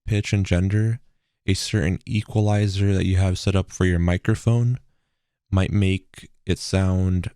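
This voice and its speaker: A young man giving a casual tutorial in a loose, relaxed way with frequent ums, recorded on a bass-heavy broadcast microphone at home. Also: clear, resonant tone, dry recording, clean studio sound. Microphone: bass-heavy broadcast dynamic microphone.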